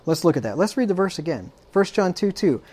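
Emphatic preacher with dry sarcasm. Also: male voice, high voice, sing-song, brisk, a little mellow. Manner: emphatic, frequent rhetorical "right?" checks. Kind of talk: sermon.

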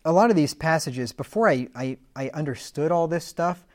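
A man's voice: on the high side, lively intonation, normal speed, darkish tone. A man giving a teaching talk. He reads old scripture aloud with rising emphasis and slips into plain, conversational asides with fillers between readings. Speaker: Bible teacher.

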